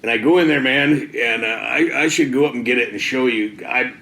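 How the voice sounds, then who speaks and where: A middle-aged man tells his life story as a testimony, folksy and loose, with plenty of "man" and "you know". His voice sits at an ordinary pitch. It rings in a roomy, echoey space. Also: a little fast, creaky, pushed and bright. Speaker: testimony speaker.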